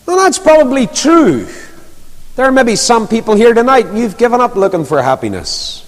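A man preaching a sermon, telling stories with lively emphasis. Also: very high voice, moderate pace. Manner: storytelling, animated, rising and falling emphasis. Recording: long reverb of a large hall.

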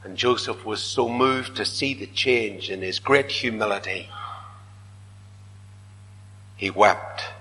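A man preaching a sermon, swinging dramatically from loud declaiming to hushed whispers. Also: fairly low pitch, slow pace, pauses often. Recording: reverberant hall.

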